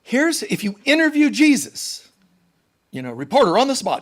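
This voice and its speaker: Lively, high-voiced male spiritual teacher. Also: normal speed. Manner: animated storytelling, acting out quotes. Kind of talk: sermon.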